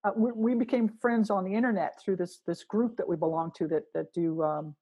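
A woman's voice: medium pitch, fairly even intonation, brisk, mellow, husky, lo-fi sound. A woman musician talking casually in an interview, rambling with restarts as she thinks aloud. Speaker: musician guest.

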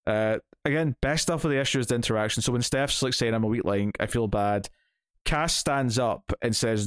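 A man's voice: on the low side, fairly quick, no room sound, studio quality. Rambling man reviewing comics. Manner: rambling, lots of fillers and restarts. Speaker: comic book podcast host. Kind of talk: casual chat reviewing a comic.

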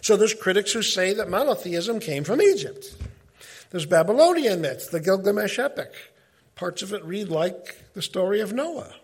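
A middle-aged man giving an informal Bible teaching, talking in a conversational, animated way and often breaking off mid-sentence. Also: sits high, moderate pace, husky. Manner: conversational, animated, self-interrupting.

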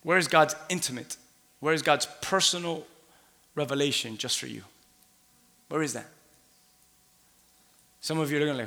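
A man preaching a sermon in a church, animated, laughing, and rising to shouts. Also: a little high, brisk, vocal fry, pauses often. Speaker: pastor. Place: church sanctuary. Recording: long hall reverb.

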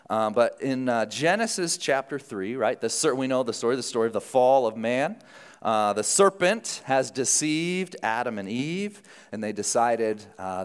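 A man's voice: fairly low pitch, clean tone. A man preaching a sermon as pastor, in an informal, conversational way, after an opening prayer. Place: church sanctuary. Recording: reverberant church hall.

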